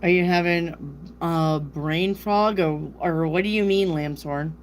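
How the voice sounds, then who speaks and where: Chatty woman tarot reader with a northern US accent, lowish voice, unhurried rambling talk, faint hum. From South Dakota. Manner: chatty, rambling, reads viewer questions aloud. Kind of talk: live-stream chat with viewers.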